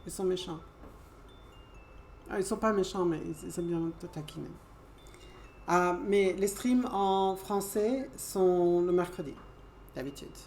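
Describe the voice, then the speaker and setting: Woman streamer, French accent, lowish voice, casual playful chatter. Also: normal speed, long pauses, a little mellow, a little hiss or hum. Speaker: game streamer. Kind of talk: casual gameplay chat.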